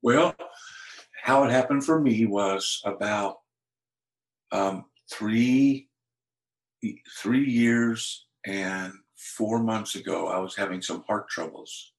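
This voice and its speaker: Deep-voiced older man giving testimony. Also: takes it slowly, pauses often, echoey room, rough recording. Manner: earnest, emotional storytelling. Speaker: pastor, interview guest. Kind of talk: personal testimony in conversation.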